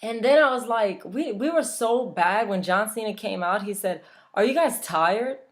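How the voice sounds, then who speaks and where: A woman's voice: medium pitch, moderate pace. A young woman from Louisiana, chatting casually and bluntly, swearing freely as a vlogger. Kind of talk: casual chat.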